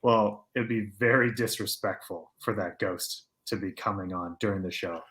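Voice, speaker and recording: A man's voice: lowish voice, moderate pace. A man co-hosting a casual podcast, telling stories and ranting with jokes and acted-out quotes. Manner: animated storyteller acting out quotes; joking, opinionated. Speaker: podcast co-host.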